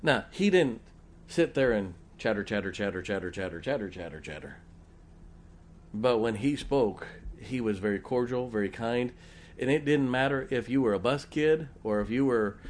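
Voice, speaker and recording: A man's voice: mid-range voice, moderate pace. A middle-aged man preaching a sermon, telling folksy personal stories and putting rhetorical questions to the congregation.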